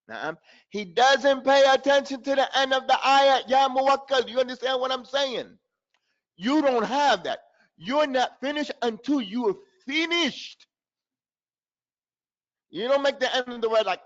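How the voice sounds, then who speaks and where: A high-pitched man teaching a recitation class, lively and direct, who acts out his students' mistakes and chants verses slowly for them to repeat. The sound is dull and lo-fi, with muffled highs. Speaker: tajweed teacher. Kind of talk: live online recitation lesson.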